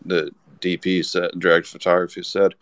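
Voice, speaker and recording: A podcast guest with a deep, monotone voice tells a rambling anecdote at a brisk pace, restarting often. The recording is dry and the storytelling casual.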